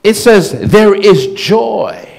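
A man preaching a sermon in an animated, playful way. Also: high-pitched, extremely slow, creaky. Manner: animated, playful, acts out quoted voices with laughter.

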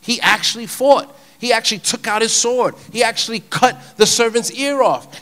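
Bright-voiced casual male preacher. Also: very high voice, moderate pace. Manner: casual, animated, shifting between soft and loud. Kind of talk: informal conversational sermon.

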